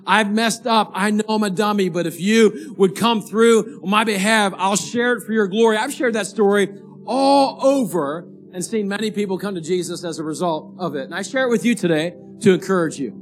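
A man, a pastor, preaching a sermon and telling a story in a lively, animated way. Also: high voice, moderate pace, faint music behind. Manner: animated storyteller, rising to excited shouting at the climax.

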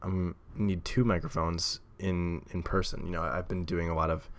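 At a moderate pace and with flat delivery, this man speaks in a low register. He's a podcast host recording a casual solo monologue at a table at home, rambling into a desk mic with plenty of fillers and frequent laughs.

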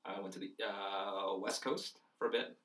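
Young Canadian man, bright distant voice. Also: fairly low pitch, fairly even intonation, normal speed. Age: young adult. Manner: chatty, rambling with fillers and restarts. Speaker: former exchange student. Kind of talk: casual conversation.

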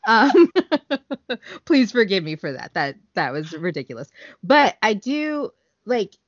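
A woman co-hosting a podcast in casual chat, talking fast and loose with lots of fillers and frequent laughs. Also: medium pitch, big pitch swings, dry recording. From United States. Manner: chatty, laughs often, many fillers. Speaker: podcast co-host. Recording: dull, dry podcast audio.

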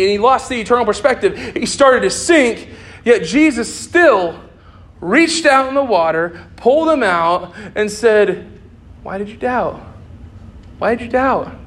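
Young man, high voice, earnest sermon, repeats phrases for emphasis. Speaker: preacher.

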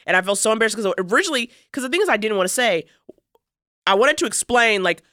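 A woman co-host spins a rambling, self-mocking tale packed with fillers. Her voice is bright and forceful, and it sounds close and dry with no room around it. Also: fairly low pitch, fast talker, no room sound. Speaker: podcast co-host. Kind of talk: casual storytelling chat.

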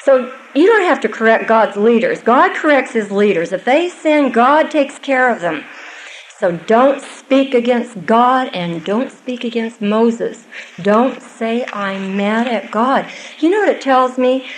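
A woman's voice: on the high side, lively intonation, measured pace, slight background noise, low-quality recording. An older woman giving a Bible teaching to a live audience, earnest and conversational with small asides.

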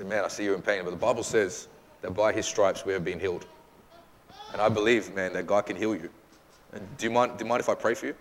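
A lower-voiced man speaking quickly as a pastor takes questions from his church. He talks casually and acts out quotes with energy. His voice rings out in a hall with a long reverb. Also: fairly bright tone, slight background noise. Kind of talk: church Q&A teaching.

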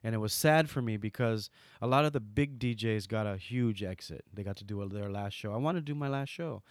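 A middle-aged man from Hawaii, appearing as an interview guest, tells casual stories and animatedly acts out quoted dialogue. His voice is on the low side and a little fast, captured in a dry recording.

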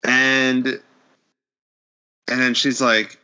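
A man in a casual podcast chat, retelling a horror episode with animated storytelling and acting out the characters' lines. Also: medium pitch, a little slow, long pauses, muffled recording.

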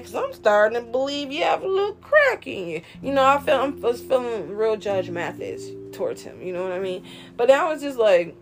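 A woman hosting a casual commentary chat, animated and slangy, ranting and mocking people in quoted voices. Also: a little high. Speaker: host.

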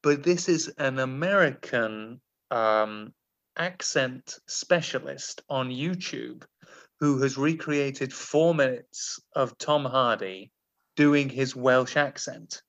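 A man's voice: mid-range voice, slow pace, fairly bright tone, lo-fi sound. A Northern Irish man hosting a quiz podcast, teasing his co-host and laughing often. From Northern Ireland. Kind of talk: casual podcast chat.

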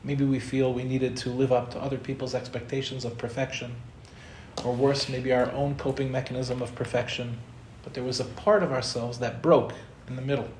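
A man's voice: medium pitch, level tone, a little fast, darkish tone, slight background noise. A man giving a spiritual talk to an audience, conversational and storytelling, acting out the people he quotes. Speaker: Torah teacher. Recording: roomy echo, faint ambience.

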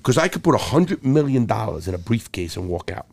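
A middle-aged former jewel thief, appearing as a podcast guest, tells stories in a casual interview, blunt and profane with many restarts. His voice is lowish and sing-song, his pace brisk, and the recording dry.

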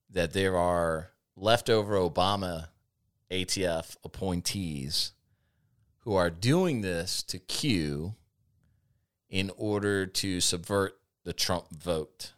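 A male podcast host tells sardonic stories from an old job on his casual talk show, laughing often between them. He speaks slowly with long pauses, in a low-pitched voice that's clear, resonant, and a bit bright.

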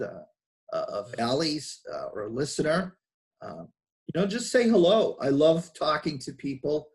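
A man with a Boston accent talks as a guest on an interview podcast. He speaks casually and reflectively, often pausing with fillers and restarting his sentences. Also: medium pitch, darkish tone.

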